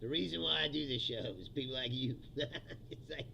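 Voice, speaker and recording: A man's voice: mid-range voice, fairly quick, creaky, bright, forceful tone, slight background noise. A man in his fifties, a comedian hosting a profane, ranting comedy livestream and laughing often. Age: 50s. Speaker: comedian host.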